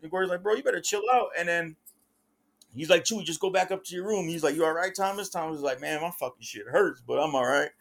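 A man casually telling a story on a podcast, heavy with slang, acting out what others said. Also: fast talker. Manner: animated, acts out quotes with rising pitch, heavy slang. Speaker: podcast host.

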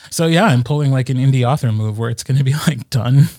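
Relaxed man chatting on a podcast. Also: mid-range voice, fast, no room sound, clean studio sound. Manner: relaxed, hesitant with many ums. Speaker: podcast co-host, audiobook narrator. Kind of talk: casual chat.

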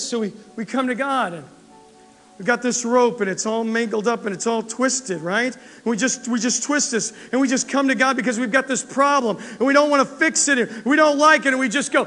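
Forties pastor preaching, bright tense voice, faint music behind, acts out prayers. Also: male voice, extremely high pitch. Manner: animated, acts out prayers in voices, asks the crowd. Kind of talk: sermon. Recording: echoey hall with faint music.

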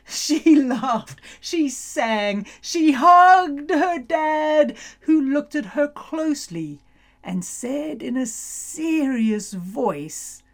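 A woman narrating a children's storybook in a fairly high voice that rises and falls a great deal. She reads very slowly and playfully, and builds suspense with lots of laughter along the way. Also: very animated.

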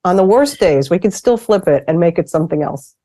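A woman's voice: fairly low pitch, animated, fairly quick, warm tone. A woman hosting a casual conversation, reflective and encouraging as she shares anecdotes. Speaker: host.

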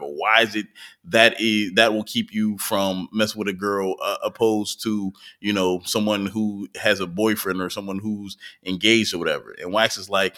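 A man's voice: fairly low pitch, fairly even intonation, moderate pace, fairly bright tone. A man co-hosting a podcast, telling stories in a loose, profane, laughing way. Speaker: podcast co-host. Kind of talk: casual podcast chat.

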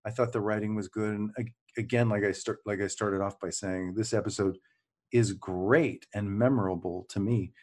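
A man's voice: lowish voice, fairly even intonation, normal speed, darkish tone. A middle-aged man co-hosting a podcast, reminiscing in casual chat with enthusiasm and lots of restarts. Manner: enthusiastic, repeats words as he goes. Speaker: podcast co-host and former series actor.

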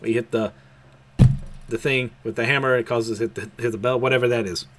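A man's voice: medium pitch, fairly even intonation, fairly quick, a bit bright. A man casually recapping a cartoon episode, laughing often as he retells it. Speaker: anime recap host.

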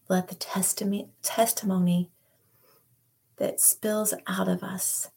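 A woman leads a slow devotional prayer in a husky, breathy voice. Her tone is gravelly with fry. She often sinks into a hushed whisper. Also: lowish voice. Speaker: podcast host.

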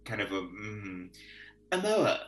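A man's voice: fairly low pitch, very animated, slow pace, slight background noise. A man playing a tabletop game in a playful manner, acting out his character's actions.

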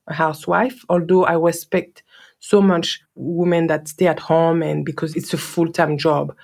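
A woman's voice: on the low side, gravelly, a little mellow. A woman from Guadeloupe with a French accent, telling her own story in an earnest, reflective way and repeating words for emphasis. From Guadeloupe, French Caribbean. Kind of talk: personal storytelling.

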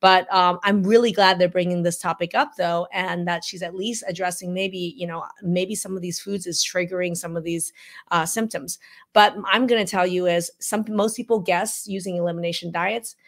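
Emphatic female health practitioner, live reaction commentary, teacherly and animated. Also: fairly low pitch, moderate pace, creaky. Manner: frequent "okay?" check-ins. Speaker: functional medicine practitioner.

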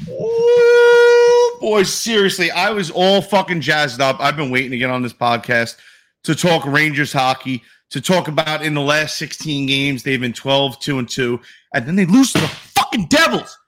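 A man's voice: on the high side, expressive, moderate pace, pushed and bright. A young man co-hosting a casual sports podcast, ranting with profane, jokey exaggeration. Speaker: podcast co-host.

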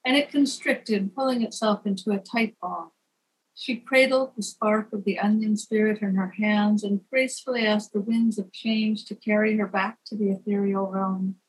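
Breathy woman telling a gentle tale. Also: medium pitch, steady tone, low-quality recording. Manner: slow, chanting softly on refrains. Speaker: storyteller. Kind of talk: scripted narration.

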